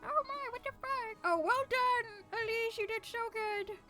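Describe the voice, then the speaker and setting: Granny role: a kindly frail old woman, high and quavery, fussing and doting, put on by a woman streamer. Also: unhurried, pushed and bright, faint music behind, heavily acted.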